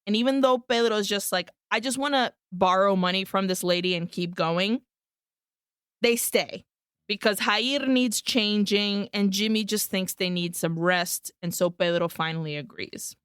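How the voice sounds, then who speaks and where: Podcast co-host, woman, smooth, dry close-mic sound, casual bilingual plot recap. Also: mid-range voice, measured pace, fairly bright tone, no echo. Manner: recaps the plot, switching between English and Spanish, swears freely. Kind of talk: casual film-recap chat.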